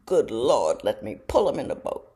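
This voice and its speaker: A middle-aged woman, talking straight to her viewers in a folksy, self-mocking monologue. Her voice sits low and warm, with a gravelly edge. She swings her pitch a lot and jumps high when she quotes someone. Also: big pitch swings, moderate pace. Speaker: show host talking to viewers. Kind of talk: casual storytelling monologue.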